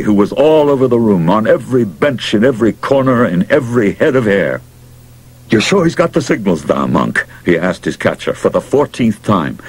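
A man narrating a story aloud in an expressive, dramatic reading. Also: fairly low pitch, slightly rough, low-quality recording. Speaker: audiobook narrator.

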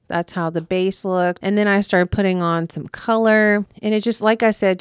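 A woman's voice: mid-range voice, clean tone, dry recording, studio quality. Chatty young woman. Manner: chatty, playful, talks to camera. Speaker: makeup artist vlogger. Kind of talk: casual tutorial chat.

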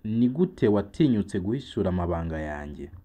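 Rwandan-accented male teacher, low and mellow, deliberate repeat-after-me delivery. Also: big pitch swings. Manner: very slow, deliberate, repeats each word twice. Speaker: English teacher. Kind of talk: slow vocabulary drill with translations.

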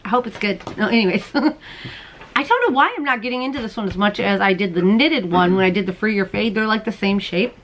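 A woman in her thirties hosting a crochet and knitting podcast, chatting casually to camera at home, bubbly and quick to laugh. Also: medium pitch, lively intonation, a bit bright, a little hiss or hum. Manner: chatty, bubbly, laughs often, talks to viewers as "you guys". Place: at home, indoors.

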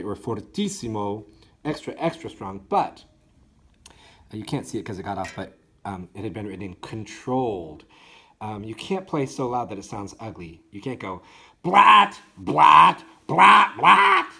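A man teaching a school band part, talking his students through it measure by measure. He counts out loud, sings the notes, and keeps his tone encouraging. His pitch swings widely from phrase to phrase. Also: animated, moderate pace, slightly rough. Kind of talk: instructional walkthrough for students.

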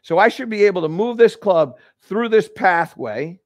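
A man hosting a live golf lesson, explaining each move step by step with energetic restarts in an indoor golf studio. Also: sits high, moderate pace, dry recording. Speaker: golf instructor and show host. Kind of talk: live instructional demonstration.

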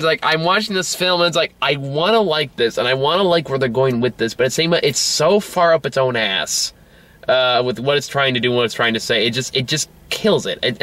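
A man's voice: medium pitch, sharp tone, dry recording. A man co-hosting a casual movie review chat, rambling with lots of fillers and frequent laughter.

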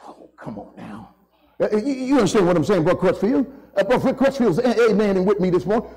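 A man's voice: sits high, gravelly, poor audio. A man preaching a sermon in a church, impassioned, stretching out key words for emphasis and calling the congregation to say amen. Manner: impassioned, drawn-out emphasis, calls for amens. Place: church sanctuary.

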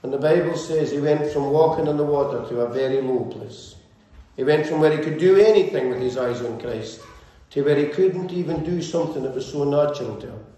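A man's voice: on the high side, fairly quick, warm tone. A male pastor preaching a sermon with fervent, repetitive, rhythmic build-ups. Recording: very echoey church hall, faint ambience.

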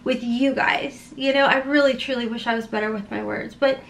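High-voiced rambling woman beauty vlogger. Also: fairly even intonation, a little fast, gravelly, a bit bright, a little hiss or hum. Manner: rambling, emotional and heartfelt; folksy, with playful slang. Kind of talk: casual chat while doing makeup.

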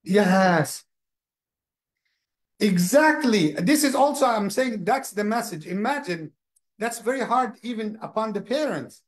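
A man gives a lesson as an imam, speaking in a lively, conversational way. He often repeats words while searching for his point. His voice is high for a man. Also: unhurried. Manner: animated, repeats words, acts out people. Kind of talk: mosque lesson.

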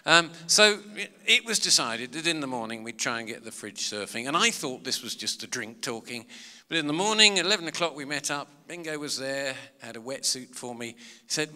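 Man, comic storyteller, lively swooping pitch, bright forceful tone, long hall reverb. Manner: chatty, self-mocking, animated anecdotes. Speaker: comedian and author giving a talk. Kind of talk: storytelling talk to a live audience. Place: large public hall.

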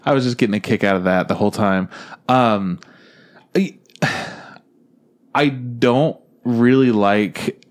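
A young man co-hosting a podcast in casual chat, easygoing and a bit hesitant, with lots of ums and quick agreement. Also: mid-range voice. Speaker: podcast co-host.

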